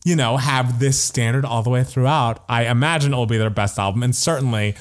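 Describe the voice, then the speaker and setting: A man's voice: medium pitch, a little fast. A man co-hosting a podcast in casual chat, gushing with enthusiasm, laughing often and filling his talk with "like". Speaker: podcast co-host.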